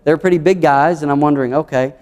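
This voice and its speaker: A man's voice: a little high, a little fast, a little mellow, smooth, in a large hall. A man with a Southern American accent, an earnest pastor preaching a sermon through numbered points and scripture. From United States.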